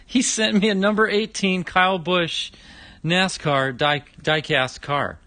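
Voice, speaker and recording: A man's voice: high voice, steady tone, slow, pushed and bright, dry recording. A middle-aged man hosting a casual livestream, opening fan mail, chatty and exclaiming often.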